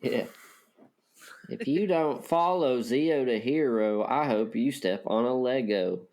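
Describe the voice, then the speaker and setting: A man's voice: mid-range voice, slow, darkish tone. A man guesting on a podcast, chatting casually in a jokey, playful way. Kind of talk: casual chat.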